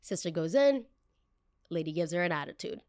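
A young woman with a fairly low voice tells a story on her podcast. She is blunt and emphatic and acts out what people said. The recording is dry and close, with no room sound. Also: moderate pace, clear, resonant tone, no echo. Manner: emphatic, animated, acts out quoted dialogue; blunt, self-aware. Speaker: podcast host.

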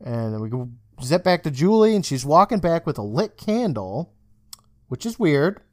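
A podcast co-host with a fairly high voice casually recaps a TV episode at a moderate pace. He's animated, swears often, and acts out the characters' lines.

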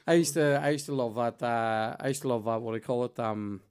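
A man's voice: medium pitch, brisk, darkish tone, clean tone. A man with a Northern Irish accent, hosting a podcast and telling stories in casual, swearing chat. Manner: swearing, storytelling, laughs often. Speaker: podcast host.

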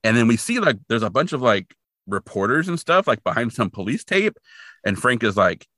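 A man's voice: lowish voice, normal speed, dry recording. A man co-hosting a podcast, casually retelling a TV episode with lots of "like" and acted-out quotes. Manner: animated, filler-heavy retelling with voiced quotes. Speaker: podcast co-host. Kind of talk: casual recap chat.

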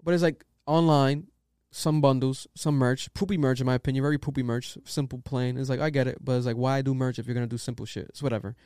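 A man's voice: mid-range voice, steady tone, fast, hardly any pauses, darkish tone, smooth, no room sound, studio quality. A man hosting a casual podcast, giving loose, profane opinions on music news. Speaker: podcast host.

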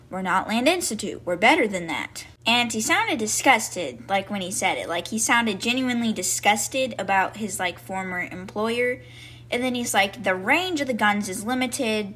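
A woman hosting a podcast, casually retelling a book chapter and reacting to it, talking loosely with lots of fillers like "like" and "I guess.". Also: fairly bright tone. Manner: chatty, full of "like" and "I guess" fillers; reacts with sudden high-pitched exclamations. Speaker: podcast host. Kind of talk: casual book recap and commentary.

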